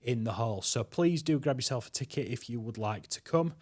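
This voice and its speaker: A man's voice: mid-range voice, lively intonation, a little fast, darkish tone. A man co-hosting a guitar school podcast, talking in a chatty, casual way and often repeating words as he starts a sentence. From West Yorkshire, England. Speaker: podcast co-host, guitar teacher.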